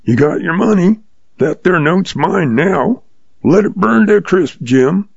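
A man voicing a calm, sly old western outlaw who talks in a patient folksy drawl, in a storybook reading. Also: high-pitched, a little slow, vocal fry, slightly rough, dry recording, voice pushed up, heavily acted. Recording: dull lo-fi sound.

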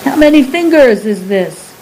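A woman's voice: high-pitched, lively intonation, normal speed, warm tone, a little hiss or hum, voice pushed up, poor audio. A woman voicing a huge, furry male beast who fires off impatient, scolding questions in a storybook reading.

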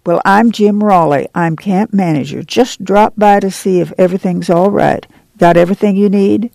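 Friendly, plainspoken camp manager, voiced by a man, storybook reading, dark and dry close sound. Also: high-pitched, normal speed, gravelly, dry recording. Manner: easygoing, plainspoken folksy talk.

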